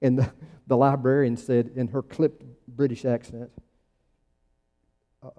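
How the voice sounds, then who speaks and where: A man's voice: mid-range voice, flat delivery, unhurried, dark tone, highs cut off. A man preaching a sermon in a conversational, emphatic way, with sudden rising bursts. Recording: long church reverb.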